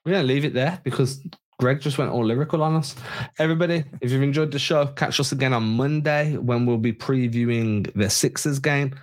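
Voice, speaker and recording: A man's voice: medium pitch, fairly quick. A man co-hosting a sports podcast, giving emphatic opinions in casual chat. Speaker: podcast co-host.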